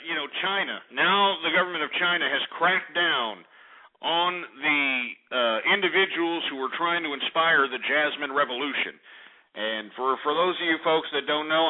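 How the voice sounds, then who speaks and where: Angry profane male radio host. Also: a little high. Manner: angry, profane, shouting insults. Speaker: radio talk show host. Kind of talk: call-in radio rant. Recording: tinny phone-like radio broadcast.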